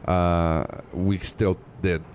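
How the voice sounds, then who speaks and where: Male comedian, 30s, deep-ish voice, loose storyteller, cusses, faint traffic behind. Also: extremely slow. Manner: animated, rambling, laughs at himself, swears casually. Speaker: comedian guest. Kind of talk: casual storytelling. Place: outdoors on a busy city boulevard.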